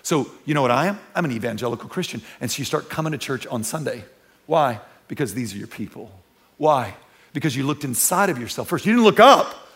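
A man preaching a sermon in a church, talking conversationally with repeats and restarts, dropping to hushed tones and rising to loud emphatic peaks. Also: medium pitch, expressive, fairly quick. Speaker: pastor. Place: church sanctuary.

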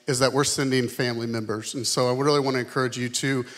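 A man's voice: medium pitch, fairly even intonation, fast talker. A man speaking as pastor from a church stage, casual with frequent fillers, then leading a prayer. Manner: warm-hearted, casual, many fillers.

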